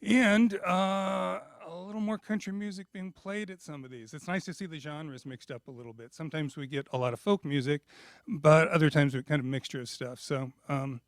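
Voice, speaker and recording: A man with an American accent, a singer-songwriter chatting in a relaxed, humorous way about his country song. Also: fairly high pitch, moderate pace, no room sound, studio quality. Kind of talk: spoken intro and country song with guitar.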